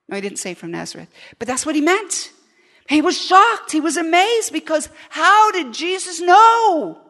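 Woman preaching, chatty and jokey, kinda high voice, big hall echo. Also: moderate pace. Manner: lively, joking, asks the congregation questions. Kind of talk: conversational sermon. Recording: long reverb of a large hall.

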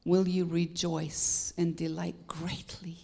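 A woman's voice: lowish voice, little pitch movement, slow pace, gravelly, darkish tone. A woman from Canada with a Canadian accent, a guest preacher delivering a sermon with emphatic rising peaks and bits of humor.

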